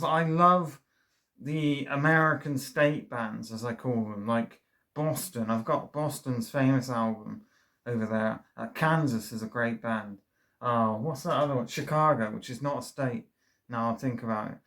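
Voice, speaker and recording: A man's voice: medium pitch, a bit bright. Rambling, enthusiastic man. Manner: enthusiastic, rambling with many fillers and restarts. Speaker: vinyl record reviewer. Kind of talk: casual review monologue.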